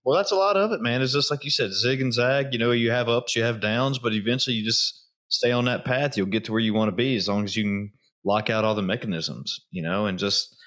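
A man hosting a casual chat, relaxed and encouraging, with many filler phrases. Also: medium pitch, brisk.

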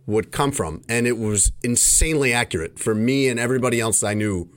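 A man from Chicago chats casually as a podcast host. His voice sits in a middle pitch. He tells long, rambling stories with loose asides. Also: lively intonation, a little fast. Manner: chatty, rambling storyteller. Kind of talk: casual chat.

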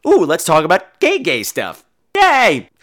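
Campy gay podcast guy, bright voice, swoops up and down a lot, playful voices. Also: a little high, huge pitch swings, a little slow. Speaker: podcast host. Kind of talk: casual solo podcast chat.

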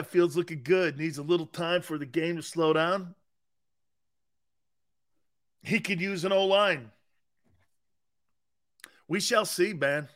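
A man's voice: fairly high pitch, fairly bright tone. A middle-aged man hosting a sports talk show, chatting casually, joking and laughing often with rambling asides. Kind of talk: casual sports radio banter.

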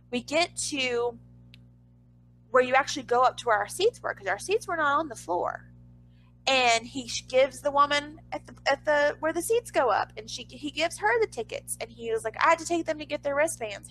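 A chatty woman tells a personal anecdote in a slightly high voice, filling her talk with "like" and a casual curse here and there. A faint hum sits under her voice. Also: animated, moderate pace, fairly bright tone, rough recording. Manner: chatty, lots of "like", swears casually; acts out others' lines in a higher voice.

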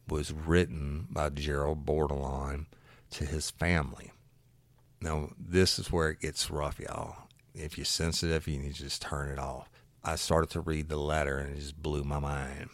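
A man with a drawl and an extremely deep, low voice tells a case story in a flat, even tone. He talks plainly and earnestly, like a former investigator going through an old file. The recording is close and dry. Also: no room sound. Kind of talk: casual true-crime storytelling.

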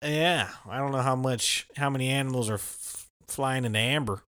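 A young man co-hosting a podcast, rambling and halting, full of fillers. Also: medium pitch, a bit bright, clear, resonant tone, no echo, studio quality. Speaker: podcast co-host. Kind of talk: casual chat.

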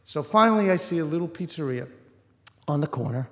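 A man's voice: fairly high pitch, expressive, fairly quick, a bit bright. A middle-aged man telling a personal story on stage, in an easy conversational way full of "you know" asides. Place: stage in a large hall before an audience. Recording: roomy hall reverb.

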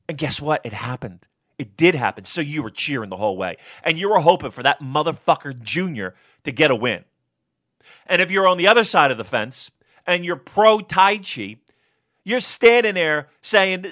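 Excitable, profane man with a bright voice. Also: on the high side, moderate pace. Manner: profane, excitable, builds to shouting rants. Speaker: wrestling podcast co-host. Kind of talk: casual review chat.

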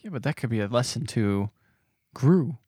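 A man co-hosting a podcast in casual movie review chat, laid-back and joking, quick to agree. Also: mid-range voice, expressive, mellow, husky, no room sound, studio quality. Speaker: podcast co-host.

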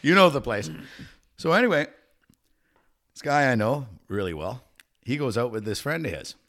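A man's voice: mid-range voice, sing-song, moderate pace, a bit bright. A man co-hosting a podcast, telling a crude, laughing story in casual chat. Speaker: podcast co-host.

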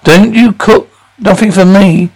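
A man's voice: sits high, a little slow, darkish tone, breathy edge, full character voice, rough recording. An actor playing a middle-aged, self-pitying working-class father who blusters and whines in a Cockney accent, in a sitcom. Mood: indignant. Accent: Cockney London. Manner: blustering, whining complaints. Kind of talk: studio sitcom radio soundtrack.

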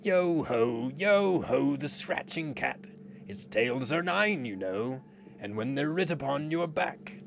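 A man's voice: lowish voice, normal speed, hardly any pauses, a bit bright, a little hiss or hum. Guy reading as a sneering pirate captain, purrs threats then thunders, storybook villain. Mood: brazen. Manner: silkily purring, then thundering. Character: menacing, theatrical male pirate captain.

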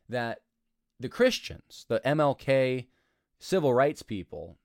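A man reading aloud from an article and critiquing it in an argumentative, animated way, breaking in with asides and short laughs. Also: medium pitch, no echo, clean studio sound. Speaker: commentator.

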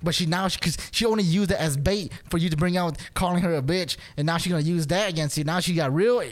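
A man with a fairly high speaking voice chats casually on a podcast. He tells an argument as a story and acts out both sides of it, jumping up in pitch for the other voices. He laughs often and swears in passing. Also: fast. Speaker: podcast co-host. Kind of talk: casual chat.

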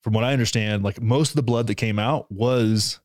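A man's voice: fairly low pitch, normal speed, no room sound, clean studio sound. A young man and new father talking casually and emotionally, swearing as he tells a story. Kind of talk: casual conversation.

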